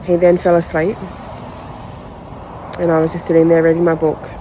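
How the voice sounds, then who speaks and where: Aussie-born woman podcaster, low flat voice, candid and halting, telling it straight. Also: noisy background. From Australia. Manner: candid, heartfelt retelling; halting, pauses between phrases. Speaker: podcast host. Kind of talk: personal storytelling podcast.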